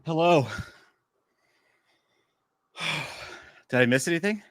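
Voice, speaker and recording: A man's voice: on the high side, very animated, slow, long pauses, no echo, clean studio sound. Joking, crude-talking man on a live stream. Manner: crude, self-mocking joking; rambling, chatty storytelling. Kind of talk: casual live stream chat.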